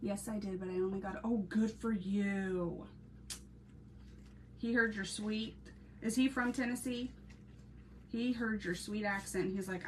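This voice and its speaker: A woman's voice: medium pitch, steady tone, measured pace, pauses often. Chatty woman crafting on a live stream. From Ohio, USA. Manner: chatty, laughs often, talks to viewers and chat. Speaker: crafting channel host. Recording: slightly distant mic with faint background noise.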